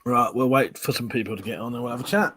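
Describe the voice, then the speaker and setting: A man's voice: mid-range voice, fast talker, fairly bright tone, no echo. Sweary Southern English man hosting a stream. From Southern England. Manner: swears freely, banters and reads viewer comments aloud. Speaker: live stream host. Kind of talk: casual live stream chat.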